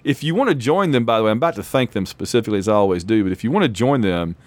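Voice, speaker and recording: Hoarse, chatty male podcast host. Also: fairly low pitch, animated, very fast, no room sound. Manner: chatty, rambling, laughs often. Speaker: lecturer. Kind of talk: casual chat.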